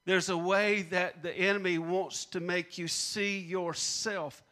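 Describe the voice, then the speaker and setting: High bright guy preaching a sermon, repeats his punchlines, gets the crowd to answer back. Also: steady tone, slow pace. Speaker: pastor.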